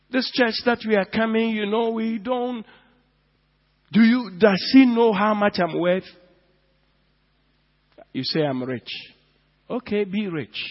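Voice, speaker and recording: A man preaches a sermon in a high, ringing voice, dropping to near hushes and then surging loud as he stretches key words. The recording is dull and lo-fi, with a long reverb trailing through the church hall. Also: animated, takes it slowly, long pauses. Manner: swings from hushed to loud, drawing out words for emphasis. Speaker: pastor.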